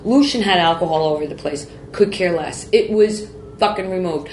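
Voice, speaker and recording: Woman guest, low voice, emotional and rambling, candid interview in a roomy space. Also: moderate pace, a little mellow. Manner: emotional, rambling, repeats phrases. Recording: roomy with faint background noise.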